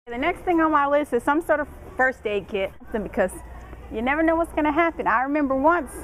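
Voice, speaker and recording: A young woman talks through college dorm tips in a loose, chatty way and laughs often. Her voice sits a little high for a woman. A faint hum of room noise runs under her. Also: rough recording. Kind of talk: casual advice vlog.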